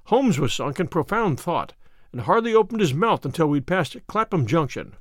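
A man narrating a classic detective story in an expressive, animated manner. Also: on the high side, moderate pace, dry recording, clean studio sound. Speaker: audiobook narrator.

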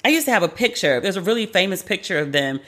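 A woman's voice: lowish voice, fast. Woman, podcast host, casual solo commentary, candid, profane. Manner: chatty, candid, profane, animated.

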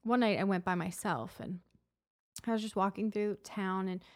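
A woman telling stories in a casual chat, animated and acting out the voices of the people she quotes. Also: moderate pace, no room sound, clean studio sound. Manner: animated, acts out quoted voices in a higher pitch.

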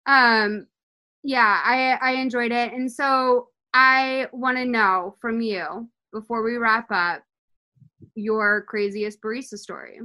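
A woman's voice: on the high side, slow, sharp tone. A woman in casual conversation, asking rambling, curious questions with many fillers. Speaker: podcast co-host. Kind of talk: casual chat.

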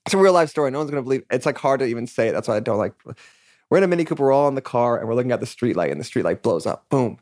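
A man's voice: medium pitch, expressive, racing, a little mellow. A young man, a guest musician, chatting casually on a podcast, rambling with lots of fillers and trailing off. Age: young adult.

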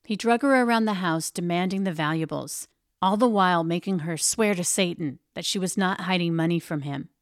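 A woman narrating a true-crime story in a steady, grave storytelling manner. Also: fairly low pitch, brisk, dry recording, studio quality. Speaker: podcast narrator.

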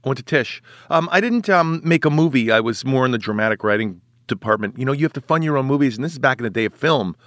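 A man's voice: medium pitch, animated, fast, few pauses, a bit bright, no room sound, clean studio sound. A man in his forties, an actor guest chatting in a casual podcast interview, rambling and self-mocking with many restarts. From United States.

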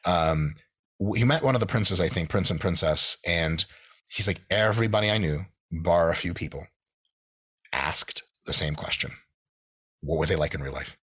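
Animated profane man, husky low voice. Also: normal speed, long pauses. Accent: American. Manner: animated, profane, acts out quotes in shifted voices. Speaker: podcast guest. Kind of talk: casual storytelling.

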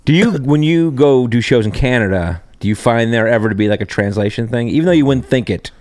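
A man, an actor guest on a podcast, talking in a quick, offhand, joking way. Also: mid-range voice, animated, a little mellow, no room sound, studio quality. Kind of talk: casual interview chat.

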